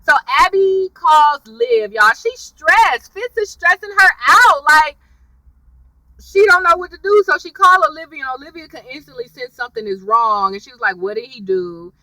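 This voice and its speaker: A woman's voice: very high-pitched, very animated, normal speed, bright, forceful tone, dry recording, recorded from a distance, low-quality recording. A woman giving a casual, chatty recap of a TV episode, talking straight to her viewers and calling them y'all. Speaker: TV recap vlogger.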